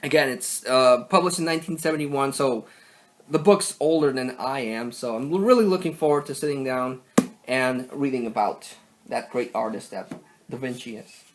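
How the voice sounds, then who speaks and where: A man's voice: medium pitch, normal speed. A young man casually showing off his collection in a vlog, rambling with many fillers and self-corrections. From Mexico. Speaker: collector vlogger. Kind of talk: casual show-and-tell vlog.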